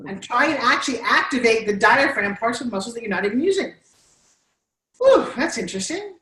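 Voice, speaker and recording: Her voice on the high side and her pace brisk, the New York-accented coach guides a live class through exercises in an animated, encouraging way. The mic is distant, picking her up in an echoey classroom as she teaches on-camera presence.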